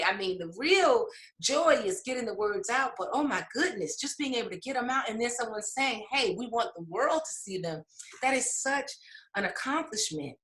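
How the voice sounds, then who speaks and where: Bright-voiced woman author in echoey room. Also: mid-range voice. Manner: warm, emotional, laughs often, many fillers. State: tearful at times. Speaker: author and English professor. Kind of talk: interview storytelling.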